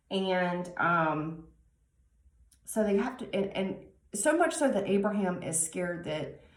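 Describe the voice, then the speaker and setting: A woman reads tarot cards in an unhurried, musing way, pausing often to find her words. Her voice sits a little low, and the room around her sounds echoey. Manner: slow, musing, with many ums and restarts. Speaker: tarot reader. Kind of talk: tarot reading to camera.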